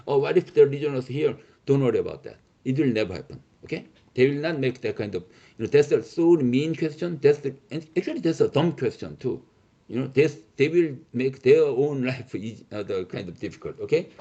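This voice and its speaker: Emphatic man lecturing, lively, dark. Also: medium pitch, slightly rough, muffled recording. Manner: many fillers and restarts, repeats "okay?"; emphatic, reassuring. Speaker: teacher.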